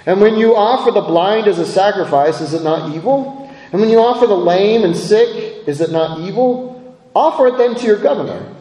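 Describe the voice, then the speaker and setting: A man preaching a sermon with a lively, high voice that swoops up and down. He speaks conversationally, often tossing in "right?" to his listeners. The sound is roomy, with a long hall reverb. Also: normal speed. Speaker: pastor.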